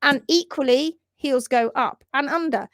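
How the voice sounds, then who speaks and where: Brief: woman, livestream host, emphatic and indignant, somewhat high, dry close sound. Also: unhurried, no room sound. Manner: animated, emphatic, indignant rants. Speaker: hoof trimming educator, livestream host. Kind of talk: livestream chat reading comments.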